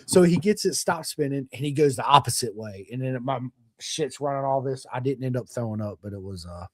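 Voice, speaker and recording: A man telling stories in a casual podcast chat, swearing freely and talking with animated energy. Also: medium pitch, brisk, dry recording, clean studio sound. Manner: profane, animated storytelling.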